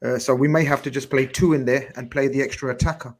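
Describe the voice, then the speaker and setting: A man co-hosting a football podcast, laying out his view in a measured way and pushing back with teasing retorts. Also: mid-range voice, steady tone, a little hiss or hum. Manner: measured explaining, then teasing pushback. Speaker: podcast co-host. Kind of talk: casual football chat.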